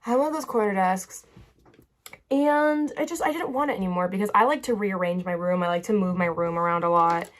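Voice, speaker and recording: This young woman talks fairly quickly in a medium-pitched voice while casually vlogging her makeup routine. Seated at a bedroom vanity lit by a ring light, she chatters on, peppering everything with "like" and slipping into tangents.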